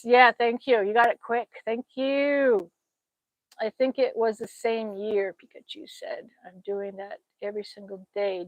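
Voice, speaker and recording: A talkative middle-aged woman hosting a casual phone livestream outside, her voice sitting a little high. She reads comments from viewers, thanks them warmly by name, and laughs often. The sound is close and dry with no room echo. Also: measured pace, muffled recording. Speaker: livestream host. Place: outdoors.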